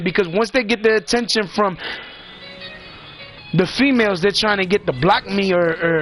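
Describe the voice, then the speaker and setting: Heated, high-voiced man ranting. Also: a bit bright. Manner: blunt, heated, preachy, heavy swearing and slang. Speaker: father ranting on a vlog. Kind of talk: profane monologue rant.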